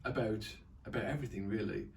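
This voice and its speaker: A man's voice: fairly low pitch, fast, creaky, a little mellow. A man presenting a casual online church devotional, chatty and rambling with fillers and restarts. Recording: distant mic.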